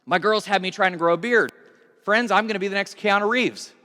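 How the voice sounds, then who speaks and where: A man preaching with a high, light voice, talking in a casual, animated way and often restarting his sentences. His words ring out with the long reverb of a large hall. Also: a little fast. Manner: conversational, animated, with repeated restarts. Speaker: pastor. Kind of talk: sermon.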